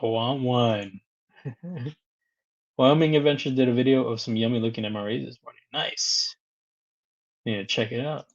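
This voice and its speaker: A man hosting a casual live stream speaks at a moderate pace with long pauses in a mid-range voice, recorded with lo-fi sound. Chatty, he greets viewers by name, reads their comments aloud and laughs often between remarks.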